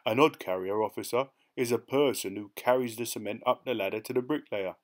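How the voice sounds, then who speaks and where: A man voicing a sly, rat-faced male hitch-hiker with a soft, oily voice. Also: mid-range voice, a little fast, natural voice. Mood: innocent.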